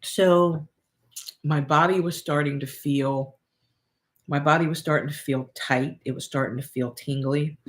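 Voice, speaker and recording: A woman's voice: deep voice, fairly even intonation, measured pace. A woman co-hosting a relationship talk, telling a personal story in a candid, casual way and repeating phrases as she thinks aloud. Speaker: relationship coach and co-host.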